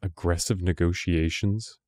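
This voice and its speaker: A man giving casual let's-play commentary, excitable and confused, talking to himself as he plays. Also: deep voice, unhurried, soft background music. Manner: excitable, confused, talks to himself while playing. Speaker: gaming video host.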